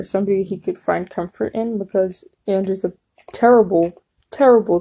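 A young woman with a warm, mellow voice talks through a TV season in a relaxed vlog. She is animated and gushing, and she quotes characters without changing her voice. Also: mid-range voice. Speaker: TV show reviewer. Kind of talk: casual chatty review.

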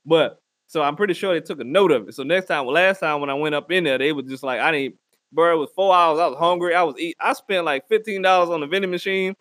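Crude, blunt male ranter with a high voice, dry close sound, doing comic advice. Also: fast, fairly bright tone, no room sound. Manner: crude, blunt, giving mock advice to listeners. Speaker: comedic ranter. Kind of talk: profane comedic rant.

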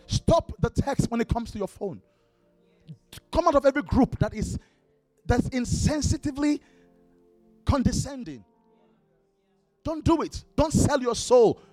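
High-voiced preacher exhorting his church. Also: very animated, measured pace, long pauses, warm tone, no room sound. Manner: exhorting, repetitive, breaks into worship singing. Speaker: pastor. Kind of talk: sermon. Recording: dry close mic with worship music behind.

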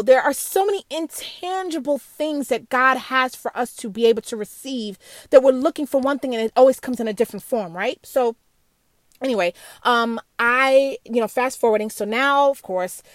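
A woman's voice: high voice, normal speed, no room sound. A middle-aged woman sharing a candid, earnest personal reflection on faith, emotional and full of restarts and asides.

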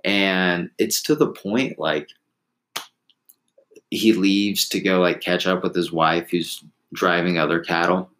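A man's voice: deep voice, fairly even intonation, slow, a bit bright, rough recording. A man casually telling a long story, rambling with restarts and laughing at himself.

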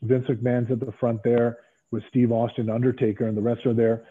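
A middle-aged man telling stories as an interview guest, animated and acting out other people's lines. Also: mid-range voice, fairly quick, slightly rough. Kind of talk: casual storytelling interview. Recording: tinny phone-like line.

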